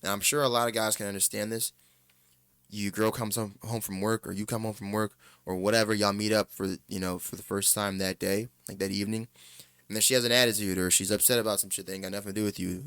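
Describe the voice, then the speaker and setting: Blunt, low-voiced man giving commentary. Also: a bit bright, smooth, no room sound. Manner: blunt, profane, opinionated. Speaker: reaction commentator. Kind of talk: casual reaction commentary.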